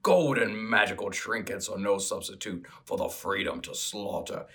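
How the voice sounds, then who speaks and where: A man voicing a brutish male orc assassin who loves slaughter, in a gruff, blustering put-on voice during a casual read-through. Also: lowish voice, normal speed, fairly bright tone.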